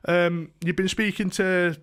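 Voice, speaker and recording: A man's voice: high-pitched, little pitch movement, measured pace, a bit bright, clean tone, voice pushed up. A man putting on a posh patronising landlord. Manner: cunning, patronising.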